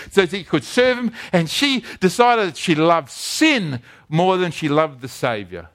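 A man's voice: a little high, big pitch swings, moderate pace, a bit bright. A man preaching a sermon as a pastor, telling stories earnestly and often repeating his words.

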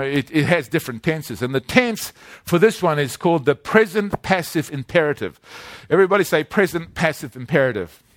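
A man's voice: fairly high pitch, a bit bright, no echo, studio quality. A man preaching a sermon in a conversational way, asking his congregation questions as he explains scripture. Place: church in the Philippines.

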